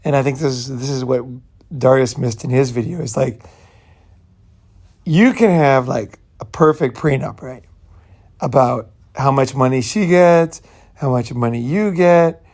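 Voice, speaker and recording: A man with a gravelly, fry-heavy voice at an ordinary middle pitch talks in a casual, meandering monologue. He speaks bluntly and swears now and then. He keeps checking in with "you know" and "right". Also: a little slow, a little mellow. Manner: loose, repetitive, peppered with "you know" and "right"; blunt, profane. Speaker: channel host.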